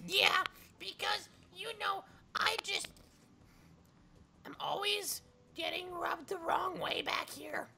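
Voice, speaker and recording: A woman voicing the sore back of a neck as a grumbling, unloved figure, complaining in a raspy, creaky voice. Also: extremely high pitch, slow, long pauses, bright, forceful tone, pitched above the performer's own voice, exaggerated voice. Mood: whispered complaint. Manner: whiny complaining.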